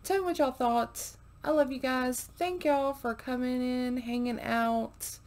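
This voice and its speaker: A woman's voice: high voice, fairly even intonation, measured pace, darkish tone. A woman hosting a reaction video, chatting casually to viewers, with many fillers, sometimes dropping to a murmur.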